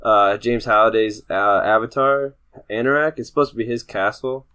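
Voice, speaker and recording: Lower-voiced casual podcast guy. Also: steady tone, normal speed, sharp tone, clean tone. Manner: casual, hesitant, full of restarts and "like". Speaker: podcast co-host. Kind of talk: casual movie review chat.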